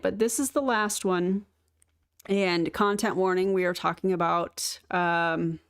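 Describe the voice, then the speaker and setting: A woman hosting a reaction commentary, talking back to clips in a sarcastic, joking way with quick asides. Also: mid-range voice. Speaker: commentary host.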